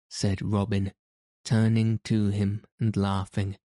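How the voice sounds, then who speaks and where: A male narrator reading a classic adventure tale with slow, deliberate pacing. His voice sits low and mellow, and the recording is dry and close with no room sound. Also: no room sound. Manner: measured, even storytelling. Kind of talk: audiobook narration of an old tale.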